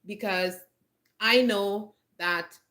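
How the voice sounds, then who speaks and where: A woman's voice: medium pitch, drawn-out words, fairly bright tone. A woman vlogger giving earnest, chatty advice to camera, often repeating herself and restarting her phrases. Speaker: lifestyle vlogger. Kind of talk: casual advice talk to camera.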